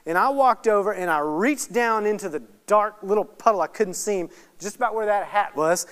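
A man giving a sermon at an evening Bible study, telling a personal story in an animated way and then praying. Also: sits high, moderate pace, clean tone. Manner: animated storytelling, laughs at himself. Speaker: guest preacher. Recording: reverberant hall sound.

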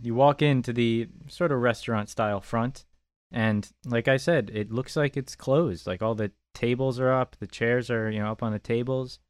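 A man narrating a tabletop role-playing game as game master, setting scenes in a calm, wry way. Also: medium pitch, moderate pace, no echo.

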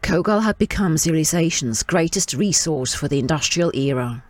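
A woman reading her own fiction aloud in a measured, descriptive way. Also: deep voice, animated, dry recording, clean studio sound.

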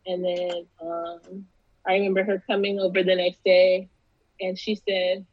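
A woman's voice: lowish voice, little pitch movement, a little slow, dry recording, dull audio. A woman guest in a casual interview, telling a personal story in a loose, candid way with many fillers and restarts.

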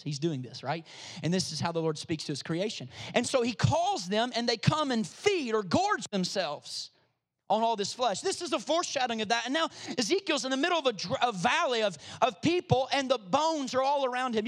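A man's voice: sits high, a bit bright. A man preaching a sermon to his congregation, reading scripture and calling on listeners to respond. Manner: preaching with rising emphasis, calls on the congregation. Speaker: pastor.

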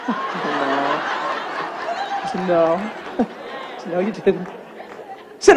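A man's voice: high-pitched, normal speed, pauses often, long reverb tail, a faint crowd, slight background noise. An older man, a pastor, preaching a sermon and acting out quotes as he tells a story. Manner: animated storytelling, acts out quotes.

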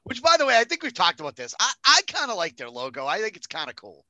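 A man's voice: sits high, wildly swooping pitch, quick pace, bright, forceful tone, dry recording, rough recording. A man hosting a casual sports talk show, blunt and profane, often laughing along. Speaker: podcast host.

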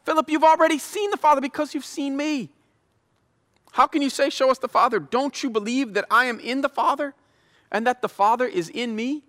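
Animated slangy preacher man in a hall. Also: extremely high pitch, brisk. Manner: conversational, slangy, animated retelling. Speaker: pastor. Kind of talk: casual sermon with paraphrased scripture.

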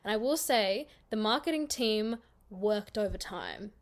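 A woman's voice: medium pitch, animated. A woman hosting a podcast, playful and giggly in casual chat. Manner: playful, giggly, drawn-out words. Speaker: podcast host.

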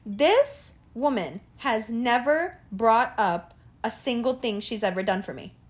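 A young woman hosting a casual monologue, profane and animated, often laughing and asking rhetorical questions. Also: on the high side.

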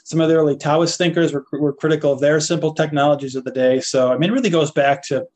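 An older man answers interview questions at length, earnest and hesitant, often restarting his sentences. His voice sits somewhat high for a man. He is explaining ideas as a guest on a podcast. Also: steady tone, quick pace, a little mellow. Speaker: philosophy lecturer and guest.

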